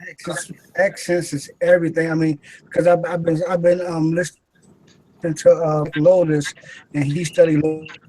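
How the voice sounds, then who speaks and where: A man with a slightly raised pitch talks in a relaxed, musing way. He circles back on his words and often restarts them. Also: moderate pace, a little hiss or hum, poor audio. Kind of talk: casual group chat.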